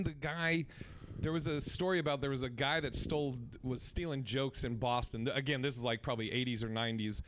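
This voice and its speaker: A comedian telling swearing, animated stories with acted-out quotes on a podcast. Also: male voice, mid-range voice. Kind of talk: storytelling on a podcast.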